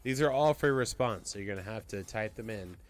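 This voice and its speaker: A man hosting a trivia stream in casual chat, joking and explaining the answers in quick bursts. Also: fairly low pitch, animated, soft background music. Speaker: trivia host.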